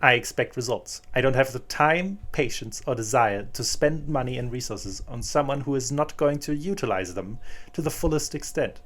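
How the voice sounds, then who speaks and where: A man voicing a cold, strict, wealthy adoptive mother, reading her lines in a sharp, clipped, commanding way. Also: mid-range voice, normal speed, natural voice. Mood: stern.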